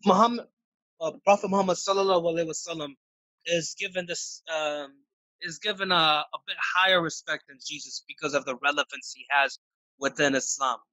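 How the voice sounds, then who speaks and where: A man answering interview questions in a casual, halting way, often restarting his sentences. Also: on the high side, bright, forceful tone, dry recording, rough recording. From United States. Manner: halting, many restarts and fillers. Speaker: interview guest.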